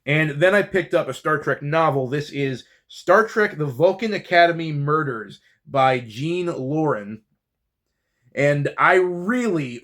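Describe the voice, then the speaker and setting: A man's voice: fairly high pitch, fairly bright tone. A man hosting a casual book haul vlog, talking enthusiastically and chattily about his finds. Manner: enthusiastic, chatty, with fillers and restarts. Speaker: book channel host.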